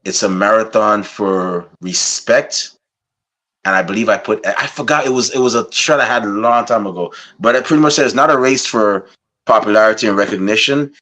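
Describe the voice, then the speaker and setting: Male podcast host, relaxed, reflective, unhurried sign-off. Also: on the low side. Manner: laid-back, slow and reflective. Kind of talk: casual interview chat.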